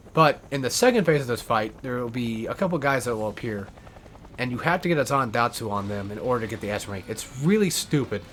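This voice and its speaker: A man's voice: mid-range voice, slight background noise. A man giving rambling, casual gameplay commentary as a let's player, swearing often and correcting himself as he goes. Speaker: let's play gamer.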